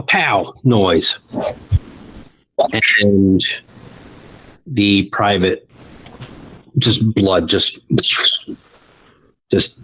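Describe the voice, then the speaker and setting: A man narrating as game master of a tabletop game, halting and full of ums. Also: on the low side, fairly bright tone, rough recording.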